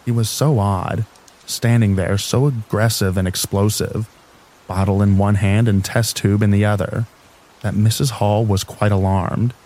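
A man reads a classic novel aloud in calm, measured narration. His voice sits low, with a dark, mellow timbre. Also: poor audio. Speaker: audiobook narrator.

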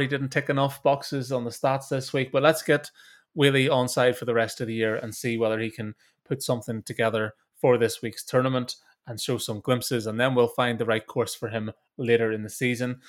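Northern irish guy chatting on a golf podcast, brisk, keeps repeating words as he goes. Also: medium pitch, steady tone. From Northern Ireland. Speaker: golf betting podcast host. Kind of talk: casual podcast chat with host-read ad.

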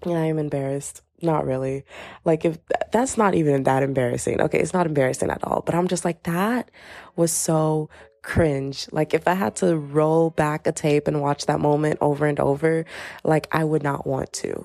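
A woman's voice: sits low, steady tone, normal speed, vocal fry, mellow, no room sound. A young woman hosting a casual solo podcast from home, rambling through a dramatic story in slangy speech. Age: young adult. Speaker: podcast host. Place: home, bedroom.

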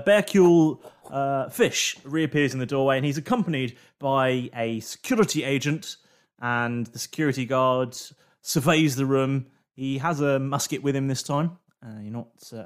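A man narrating a tabletop game as game master, relaxed with many fillers. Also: mid-range voice, clean tone.

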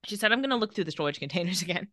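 A woman co-hosting a casual recap chat, retelling scenes and reading out the characters' lines in a flat voice. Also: lowish voice, rapid-fire, dry recording, clean studio sound. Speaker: podcast co-host.

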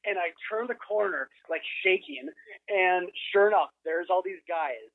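A man from Minnesota tells a story in a casual podcast chat, his voice pitched a touch high. He talks animatedly and leans on "like" as he goes. The audio has a broadcast radio feel. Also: moderate pace, creaky, narrow, tinny audio, a little hiss or hum. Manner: animated storyteller, lots of "like" fillers. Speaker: guest filmmaker.

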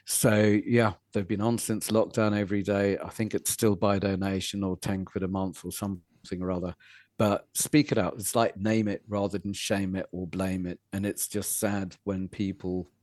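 A man's voice: sits low, flat delivery, moderate pace, darkish tone, no room sound, clean studio sound. A man who runs men's groups, speaking as a podcast guest in an earnest, therapeutic way.

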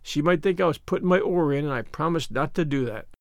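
A man voicing a shy, gentle elderly farmer who speaks softly and haltingly. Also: on the high side, no echo, studio quality, natural voice. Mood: coaxing.

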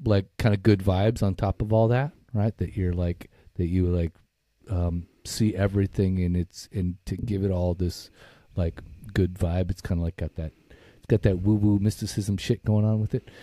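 A man's voice: low-pitched, fairly even intonation, moderate pace, few pauses, dark tone, dry recording. Profane rambling man on a podcast. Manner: rambling, profane, laughs often. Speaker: podcast co-host. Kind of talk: casual recovery podcast chat.

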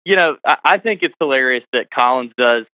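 A man's voice: medium pitch, animated, a little fast, bright, forceful tone, dry recording. A man co-hosting a podcast, easygoing and laughing along with his guest. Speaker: podcast co-host. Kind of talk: casual podcast chat. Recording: dull dry lo-fi sound.

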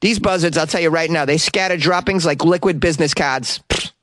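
A man's voice: on the high side, a little fast, a bit bright, slight background noise, lightly acted. A man putting on a fed-up homeowner with a Boston accent, ranting about birds wrecking her roof. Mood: exasperated. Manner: exasperated, ranting. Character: gruff fed-up Boston homeowner, middle-aged woman.

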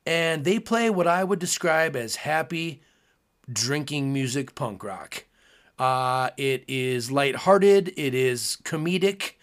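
A man hosts his own solo podcast, his voice on the high side and a bit bright as he takes it slowly. He muses in a casual, earnest way with frequent fillers.

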